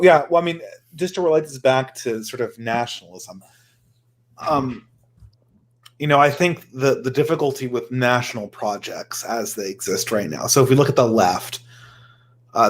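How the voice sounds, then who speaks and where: A man of middle pitch chats in a relaxed panel discussion, working through his points as he speaks. His delivery is conversational and unhurried. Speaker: panel guest. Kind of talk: casual discussion.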